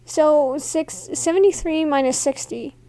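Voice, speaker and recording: A woman's voice: sits high, unhurried, dark tone. A young woman co-hosting a casual podcast, rambling through playful stories with some swearing. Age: young adult. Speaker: podcast co-host. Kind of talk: casual chat.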